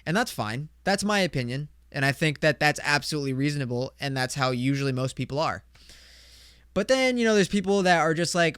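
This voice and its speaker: A man's voice: on the high side, animated, a little fast, a bit bright, clean tone, no echo, studio quality. Young man ranting on a solo podcast. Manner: rambling, profane, heavy on "like" and "dude"; swings between fired-up rants and mumbled asides. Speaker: podcast host.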